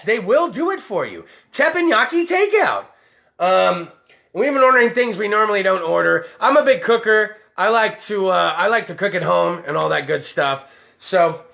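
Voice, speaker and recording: A man's voice: sits high, vocal fry, pushed and bright. A man hosting a live-streamed show, talking in a loose, tipsy, heavily profane way. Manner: rowdy, tipsy, swears a lot. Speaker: podcast host.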